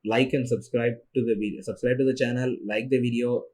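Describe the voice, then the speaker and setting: A young man, a native Tamil speaker, talks alone into his podcast in a loose, rambling way. He sounds tired and sleepy, trails off and restarts his sentences, at an ordinary mid pitch for a man. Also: fairly even intonation, fairly quick, a little mellow. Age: young adult. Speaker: solo podcast host. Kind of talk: casual monologue.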